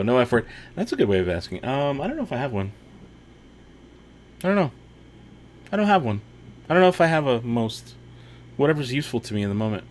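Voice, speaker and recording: A man's voice: medium pitch, slight background noise. A man hosting a casual watch-party livestream, reading chat comments aloud and laughing often.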